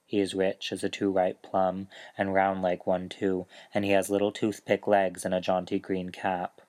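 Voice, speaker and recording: A man reading his own dark short story aloud in a slow, measured storytelling manner. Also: low voice, monotone.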